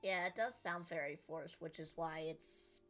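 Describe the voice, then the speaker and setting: A woman's voice: low-pitched, measured pace, fairly bright tone, soft background music. A woman streamer chatting casually and giggling with her chat while playing a game. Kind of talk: casual gameplay commentary.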